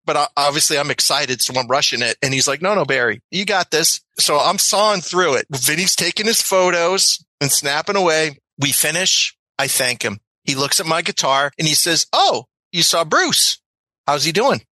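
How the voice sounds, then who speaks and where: A man from the United States, a guest telling a story in an animated way, acting out voices and laughing as he goes. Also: on the high side, normal speed, no room sound, poor audio. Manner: excitable, acts out voices, laughs mid-story.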